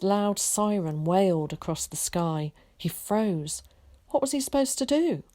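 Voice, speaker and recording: A teacher reading a children's story aloud in a calm, steady way. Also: female voice, fairly low pitch, dry recording, studio quality.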